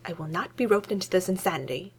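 Female reader voicing a prickly male scholar, low, dry and clipped. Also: animated, brisk, lightly acted. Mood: grumbling. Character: fussy, grumbling British male academic.

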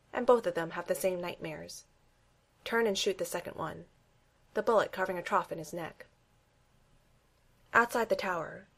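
A woman narrating a story in a steady, wry reading voice. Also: fairly low pitch. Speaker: reader.

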